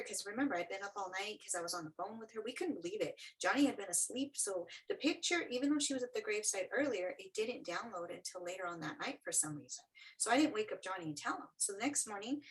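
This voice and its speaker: A woman's voice: mid-range voice, lively intonation, a little fast, poor audio. A middle-aged woman, an interview guest, telling a personal story with earnest feeling and acting out what others said.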